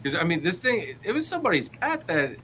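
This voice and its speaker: A man in casual live-stream chat, telling stories in an animated way. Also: high voice, fast talker, a little hiss or hum. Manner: animated storyteller.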